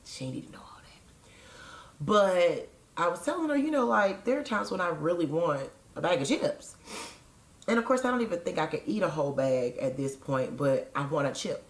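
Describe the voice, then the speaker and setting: Low-voiced woman, frank chatty vlogger. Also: very animated, brisk, reverberant. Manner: frank, digressive, joking asides. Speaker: vlogger sharing weight-loss surgery experience. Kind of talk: casual chatty vlog.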